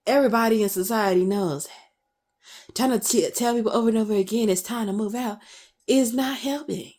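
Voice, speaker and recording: Speaking at a moderate pace, a woman in her twenties with a fairly high, slightly mellow voice vents passionately in her vlog, hitting the camera with emphatic rhetorical questions.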